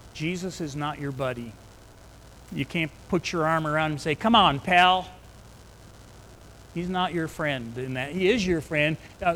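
A man's voice: on the high side, fairly bright tone, a little hiss or hum, low-quality recording. A man preaching a sermon in an earnest way, retelling scripture in plain everyday words.

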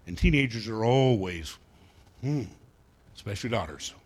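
A man with a husky, slightly breathy voice delivers a sermon from the pulpit. He is a pastor who tells stories in a folksy, conversational way and drops wry asides to his congregation. His pitch sits in the ordinary middle range for a man. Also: animated, normal speed.

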